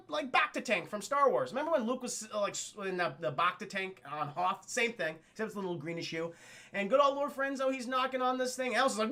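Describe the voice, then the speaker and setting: Bright, high male streamer with a gravelly edge, swears a lot and keeps talking to the chat. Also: expressive, fast talker. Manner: profane, laughing, keeps addressing the chat. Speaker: streamer and film reviewer. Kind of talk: live-stream film recap chat.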